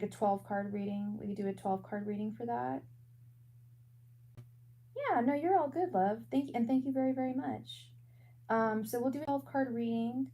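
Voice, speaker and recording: A woman working as a tarot reader and psychic medium on a live stream. She talks in a soft, halting way and repeats her words often. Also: fairly high pitch, low-quality recording. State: emotional.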